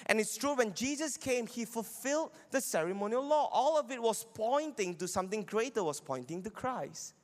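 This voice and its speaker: Very high and expressive, a man's voice proceeds at a moderate pace with few pauses. He's a Bible teacher arguing points in a teaching sermon, often asking "right?" to check in, recorded with long hall reverb.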